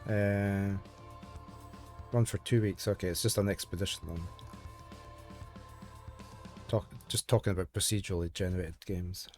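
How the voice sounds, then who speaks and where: A man with a fairly low voice streams live, reading a visual novel aloud and drifting into casual, rambling asides. Game music plays clearly behind him. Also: steady tone, normal speed, pauses often, a little mellow.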